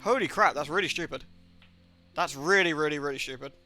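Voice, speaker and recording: High, bright-voiced excitable male streamer. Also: fairly quick, soft background music. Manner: excitable, sarcastic, swears freely. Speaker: game streamer. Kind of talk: casual gaming commentary.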